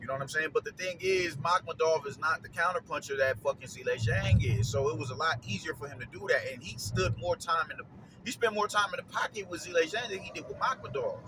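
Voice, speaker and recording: A man's voice: a little high, fast, noisy background. A man hosting a casual fight breakdown, talking in slangy, profane bursts, repeating phrases as he gets worked up. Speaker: boxing commentator, show host.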